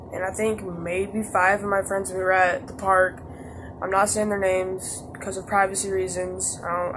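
Against a noisy background, a teenage boy with a high voice vlogs a rambling storytime, leaning heavily on "like" and starting over often.

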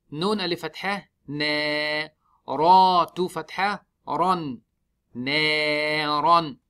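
Bright, fairly high man's voice, patiently teaching Quran pronunciation in a mosque. He spells each letter and vowel on its own, then chants the verse slowly and stretches it out. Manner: slow, drawn-out chanting when reciting. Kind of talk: step-by-step tajweed lesson.

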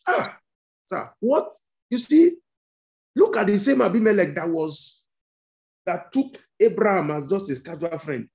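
A man's voice: high-pitched, big pitch swings, moderate pace, pauses often, a little mellow, breathy edge. A male pastor leading a fervent prayer sermon over a video call, repeating commands and breaking into tongues. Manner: commanding, repetitive declarations; speaks in tongues between prayers.

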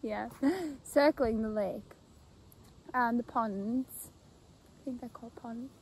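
A woman's voice: fairly high pitch, slow pace, background noise. A young woman vlogging outdoors on her phone by a pond, dreamy and delighted, laughing often. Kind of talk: casual outdoor vlog. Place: outdoors by a pond in abbey grounds.

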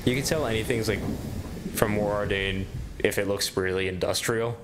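A man's voice: on the low side, fairly even intonation, normal speed, background noise. A man chatting casually and joking as he streams a game's cutscenes. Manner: chatty, joking, laughs often. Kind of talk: casual commentary over cutscenes. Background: faint game music.

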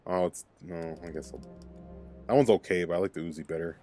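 A young man giving casual let's-play commentary, excitable and swearing as he plays. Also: low-pitched, fairly quick, faint music behind. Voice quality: excitable, swears and laughs often.

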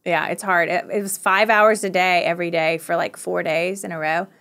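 A woman's voice: on the low side, fairly even intonation, creaky, fairly bright tone. Chatty Southern woman telling stories. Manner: chatty and laughing, quick-talking storyteller. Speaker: podcast guest. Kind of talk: casual conversational interview.

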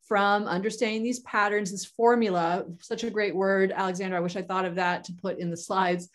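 Woman co-host, educator webinar, enthusiastic presenter with fillers, mid pitch. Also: little pitch movement, fairly quick. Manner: enthusiastic, with many fillers and restarts. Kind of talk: professional development webinar presentation.

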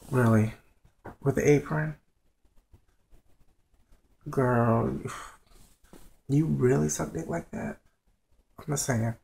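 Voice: mid-range voice, slow pace, gravelly, long pauses, mellow, a little hiss or hum, poor audio. A vlogger whispering at home late at night, giving a blunt, profane review of a TV episode. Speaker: show reviewer.

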